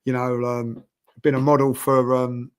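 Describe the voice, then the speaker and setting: A man's voice: medium pitch, monotone, measured pace, over a noisy crowd. An older man telling stories in a rambling, casual way, full of fillers and restarts. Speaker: podcast guest. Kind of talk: casual storytelling chat.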